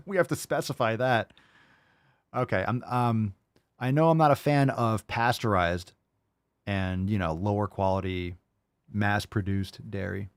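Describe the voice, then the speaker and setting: In studio-quality, dry audio, a man with a lowish voice speaks at a moderate pace. He hosts a live call-in podcast and handles listener questions in a loose, rambling, profane way, peppered with "like" and "you know."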